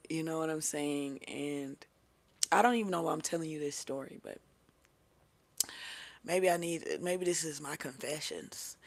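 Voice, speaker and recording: Gravelly tarot reader, rambling casual story, cussing, lots of fillers. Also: mid-range voice, normal speed, long pauses. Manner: chatty, profane, filler-heavy; laughs often.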